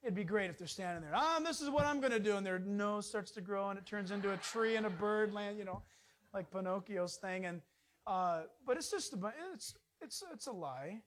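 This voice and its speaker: A man preaching an informal sermon in a folksy, jokey way, swinging from loud bursts to hushed asides. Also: high voice, moderate pace.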